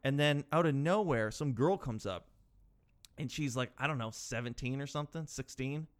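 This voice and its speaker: A man in his twenties telling comic stories about his life, animated, jumping from loud yells to low mumbled asides. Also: moderate pace. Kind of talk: comedic storytelling.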